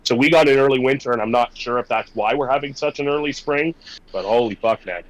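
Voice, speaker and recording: A man's voice: medium pitch, fast talker, low-quality recording. A Canadian man chatting casually over a video call from his home, swearing often and rambling through restarts. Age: adult with a young daughter. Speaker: podcast guest. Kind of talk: casual chat.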